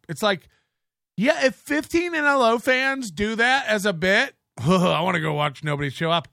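A man hosting a casual livestream, rambling along in a blunt, sarcastic way. His voice sits high and sounds bright and forward. The recording is close and dry. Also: animated, normal speed, vocal fry, no echo. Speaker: host.

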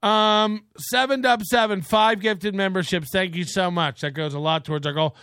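A man's voice: sits high, steady tone, normal speed, sharp tone, clear, resonant tone, no room sound, clean studio sound. A man hosting a comedic commentary show, ranting sarcastically with profane rhetorical questions and laughter. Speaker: host. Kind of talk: casual comedic commentary rant.

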